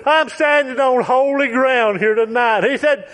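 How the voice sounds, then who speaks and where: A man as a preacher: very high voice, unhurried, emphatic and repetitive, builds to shouts. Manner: occasional shouts and chuckles. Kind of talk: sermon.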